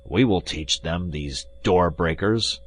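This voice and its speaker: A man's voice: sits low, slow pace. A man doing a hollow-voiced, jeering musketeer. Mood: calm, jeering. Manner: drawling, mocking. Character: calm, jeering musketeer man locked in a cellar.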